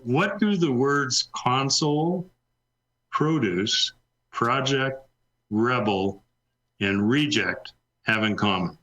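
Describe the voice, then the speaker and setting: Bright-voiced man giving trivia hints. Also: medium pitch, lively intonation, slow pace, pauses often, poor audio. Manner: gives hints patiently, explains answers. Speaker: co-host. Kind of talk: casual trivia quiz chat.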